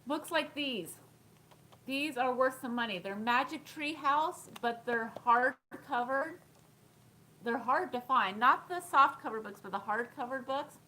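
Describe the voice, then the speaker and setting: A woman's voice: sits high, unhurried, pushed and bright, a little hiss or hum, rough recording. A woman in her thirties chatting casually on a live stream, giggling often and answering viewer comments. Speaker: thrift vlogger.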